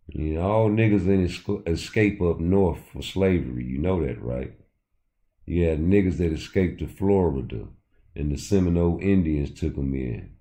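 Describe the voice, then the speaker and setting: Deep, mellow-voiced man ranting on a livestream. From Chicago. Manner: loose, profane, addresses chat directly. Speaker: livestream host. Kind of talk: casual livestream rant.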